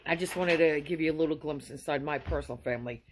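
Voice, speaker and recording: An effusive woman in her fifties chats casually to her viewers, rambling from one affectionate greeting to the next. Her voice sits low for a woman, and a faint hiss runs under the recording. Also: fast. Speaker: vlogger. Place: at home.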